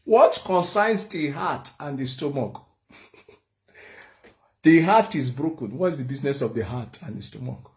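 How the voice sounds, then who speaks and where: A man's voice: mid-range voice, lively intonation, a little slow, darkish tone. A Nigerian man preaching a humorous sermon, joking and laughing often. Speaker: prophet and preacher.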